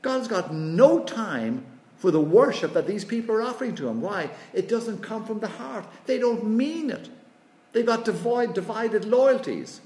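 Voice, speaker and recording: Emphatic preacher with a lively voice. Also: male voice, high voice, a little slow, roomy sound. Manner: emphatic, rhetorical questions, quoting scripture. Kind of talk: expository sermon.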